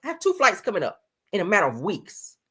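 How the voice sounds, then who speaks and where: A woman's voice: medium pitch, wildly swooping pitch, fast talker, husky. A woman from the US giving blunt, profane, sassy live-stream commentary, full of emphatic repeats.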